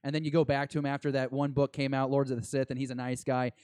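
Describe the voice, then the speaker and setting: A man co-hosting a podcast, chatting excitedly and rambling as an eager fan. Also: medium pitch, fast talker, smooth, no room sound, clean studio sound. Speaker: podcast co-host. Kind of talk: casual chat.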